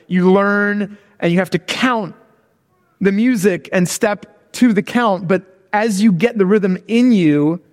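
A man's voice: sits high, long reverb tail. A man giving a conversational sermon who keeps checking in with his listeners with "okay?" and "all right?". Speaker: preacher.

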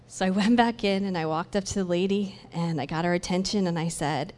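A woman's voice: fairly low pitch, brisk. Woman telling a faith story in a hall. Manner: animated storytelling that acts out dialogue, with laughs. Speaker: church speaker sharing a testimony. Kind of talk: personal faith testimony, storytelling. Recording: long hall reverb.

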